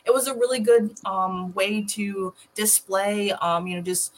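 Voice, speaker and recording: A woman's voice: mid-range voice, unhurried, a little hiss or hum. Female panelist, laid-back and chatty, faint ambience behind, video call. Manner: relaxed, hedging with "um" and "you know". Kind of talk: casual chat.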